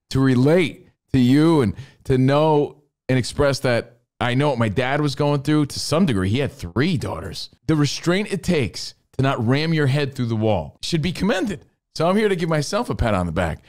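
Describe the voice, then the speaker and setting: A middle-aged man, a podcast co-host, telling a comedic story in an animated way, acting out scenes with shouts and voices. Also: medium pitch.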